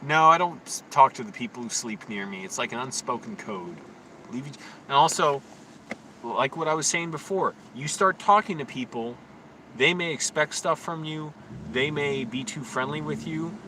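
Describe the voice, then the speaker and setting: A young man rambling on a phone stream from a city park, his voice bright and forceful. He drifts from topic to topic and flares into loud rants now and then. Faint outdoor noise sits under his talk. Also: fairly high pitch. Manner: rambling, quick to rant and get loud. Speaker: live-streaming YouTuber.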